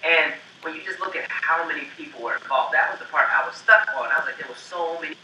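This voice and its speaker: A man co-hosting a casual review chat, easygoing and upbeat with relaxed slang. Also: on the high side, quick pace. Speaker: co-host reviewing a TV special. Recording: distant echoey lo-fi mic, faint noise.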